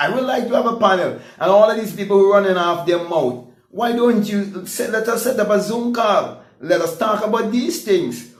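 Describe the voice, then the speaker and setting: A man preaches his views in an emphatic, repetitive monologue. His voice sits high for a man, and he keeps checking in with "okay?" as he talks. The recording carries a roomy echo. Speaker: vlogger.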